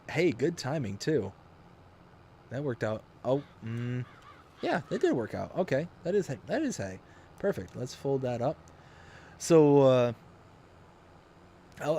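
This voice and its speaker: A man's voice: medium pitch, darkish tone, slight background noise. A man live-streaming a farming game from his home office, chatting casually in a rambling, jokey way and chuckling often. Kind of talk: casual chat while gaming.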